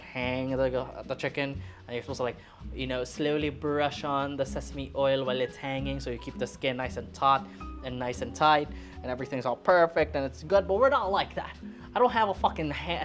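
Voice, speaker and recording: A woman in her late twenties chatting casually while cooking, joking, swearing and rambling. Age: late 20s. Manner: lively, jumps up high when excited. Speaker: cooking vlogger.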